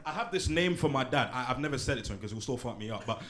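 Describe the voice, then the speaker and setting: A man, performing a brash, profane, animated stand-up set in a small venue. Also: mid-range voice, very fast, noisy background. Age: late 20s. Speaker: stand-up comedian. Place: small comedy pub venue, live audience. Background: audience laughter.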